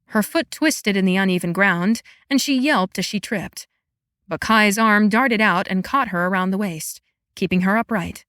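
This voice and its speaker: A woman narrating a fantasy romance audiobook in a measured, intimate storytelling manner. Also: mid-range voice, fairly bright tone, no room sound, clean studio sound. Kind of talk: scripted narration.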